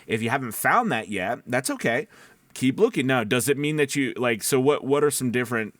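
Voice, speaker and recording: A man, a voice-over actor, giving casual advice that drifts off topic and back, speaking low from the back of his throat. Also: lively intonation, brisk, a bit bright, dry recording. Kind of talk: casual advice talk to camera. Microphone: studio microphone.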